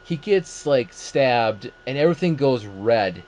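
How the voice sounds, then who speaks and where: A man hosting a relaxed movie podcast, his voice swinging up and down as he rambles through a review. He acts out his own reactions, jumping from one thought to the next. There's a faint hiss behind him. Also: medium pitch, a little slow. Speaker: podcast host. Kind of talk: casual movie review chat.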